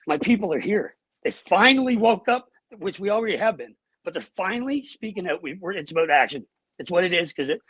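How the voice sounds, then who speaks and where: A middle-aged man, a guest telling a personal story in an animated, blunt way and swearing freely. He talks on earbuds over a video call from home. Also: sits high, slightly rough, no echo, low-quality recording. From Canada.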